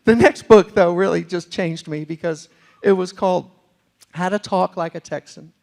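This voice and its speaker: A middle-aged man from New York City telling a humorous story as a speaker in a university lecture hall, with animated comic delivery and asides to the audience. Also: sits high, moderate pace, creaky.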